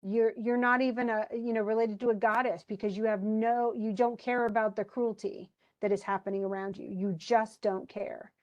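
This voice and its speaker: A woman's voice: fairly high pitch, steady tone, moderate pace, hardly any pauses, lo-fi sound, natural voice. A woman voicing a grieving male warrior who pleads with his friend, in a plain retelling. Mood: accusing.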